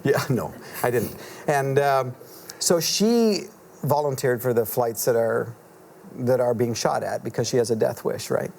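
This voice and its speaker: Earnest gravelly middle-aged man. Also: medium pitch, darkish tone. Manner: earnest, halting, with many fillers and restarts. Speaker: author guest. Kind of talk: reflective storytelling in a TV interview. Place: TV studio.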